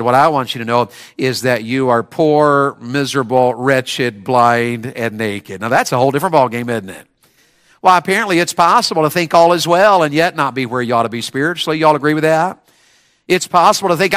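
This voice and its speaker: Evangelist, male, bright tense tone, folksy sermon storyteller who gets fired up. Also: medium pitch. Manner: folksy storytelling with rising bursts of excitement. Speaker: evangelist preacher.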